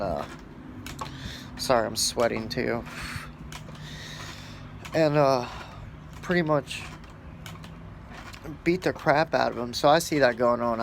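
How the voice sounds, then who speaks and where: A man's voice: medium pitch, vocal fry, fairly bright tone, a little hiss or hum. A man who works as a store shift supervisor, telling a story in a casual, blunt and profane way, rambling with fillers.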